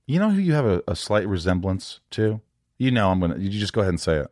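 A man's voice: low-pitched, very animated, quick pace, a little mellow, no room sound, studio quality. A man hosting a podcast in casual interview chat, swearing freely and acting out voices when he tells stories. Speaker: podcast host.

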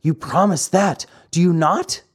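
A man voicing a lively, naughty boy puppet in an audiobook, with a high, eager, pleading manner. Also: measured pace, slightly rough. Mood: earnest. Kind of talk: audiobook character reading.

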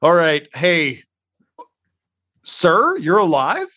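A man's voice: a little high, wildly swooping pitch, drawn-out words, bright, forceful tone, voice pushed up, exaggerated voice. A man voicing a small halfling woman who speaks in a level, polite tone. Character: small halfling woman, former hospitality worker, composed.

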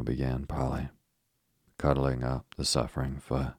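A man reading a children's story aloud as a bedtime narration, slow, soft and steady, with a husky voice. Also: rumbling low, dry recording, studio quality.

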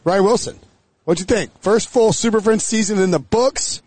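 Brief: high-pitched male podcast host, energetic, joking, dry close sound. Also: dry recording. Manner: energetic, joking, quick asides. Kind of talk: casual sports podcast chat. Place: outdoors near a stadium set.

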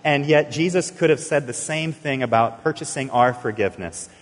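A man's voice: medium pitch, moderate pace. Male pastor, sermon, earnest storyteller, echoing church hall. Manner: earnest storytelling, acting out dialogue with sudden bursts. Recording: long reverb of a large hall.

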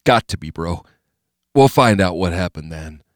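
A man's voice: low voice, animated, normal speed, no room sound, clean studio sound. A man playing a tired, soothing young guy. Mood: placating. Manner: soft, casual, placating. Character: worn-out young man, loyal and careful.

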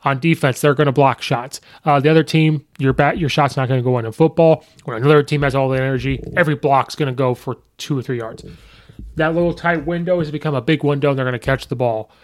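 A man hosting a podcast, recapping a football game in a rambling, excitable way and acting out fans' reactions. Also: mid-range voice, fast. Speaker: podcast host. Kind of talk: casual sports recap.

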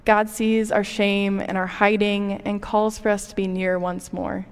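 A woman's voice: medium pitch, flat delivery, unhurried, hardly any pauses, clear, resonant tone. A woman giving a conversational sermon, preaching in a relatable way with personal stories. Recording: reverberant hall.

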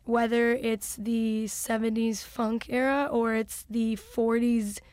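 Chatty woman musician, clear dry voice. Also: fairly high pitch, little pitch movement, slow, a little mellow, no echo. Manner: chatty, lots of fillers like "like" and "you know". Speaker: guest musician. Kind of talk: casual interview chat.

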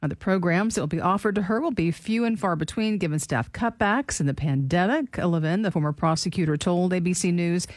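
A woman's voice: fairly low pitch, a little fast, few pauses, dry recording. Dry-voiced female radio co-host. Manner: dry, reluctant, steady reading. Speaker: radio co-host and news reader. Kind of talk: casual banter and news reading.

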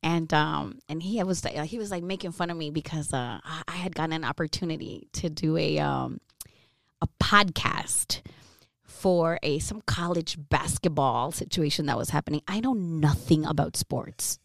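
Candid, animated woman radio host. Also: low voice, moderate pace, gravelly, dry recording, clean studio sound. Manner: animated, candid, peppered with "you know what I mean" and curses. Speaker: radio host, guest on a podcast. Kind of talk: casual storytelling interview.

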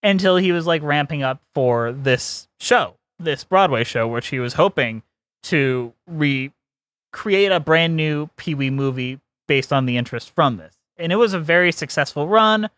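Animated, opinionated man, dry sound. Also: fairly high pitch, moderate pace, no room sound. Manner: opinionated, animated, laughs often. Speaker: podcast co-host. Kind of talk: casual chat.

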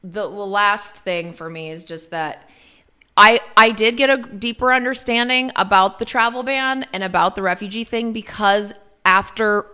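A woman's voice: medium pitch, moderate pace, sharp tone, smooth. Profane ranting woman podcast co-host. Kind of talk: casual political banter.

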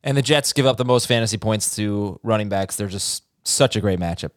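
Male host, mid-pitched, dry studio sound, direct and joking. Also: brisk, no room sound. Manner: leads the talk, joking and direct. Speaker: podcast host. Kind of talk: casual podcast talk.

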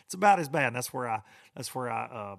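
A man's voice: medium pitch, animated, quick pace, creaky, a bit bright. A middle-aged man, rambling and grumbling in a casual, folksy podcast monologue. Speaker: podcast host.

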